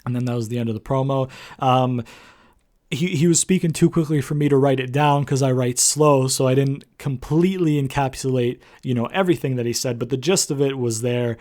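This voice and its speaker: A man talks through a wrestling show review on his own, in a mid-pitched, ordinary voice. He rambles loosely, filling gaps with ums and you-knows and letting the odd casual swear word slip. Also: brisk, darkish tone.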